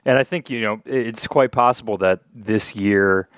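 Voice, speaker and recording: A man's voice: lowish voice, normal speed, no room sound, studio quality. A man co-hosting a casual sports podcast, thinking aloud in an analytical way. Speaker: podcast co-host.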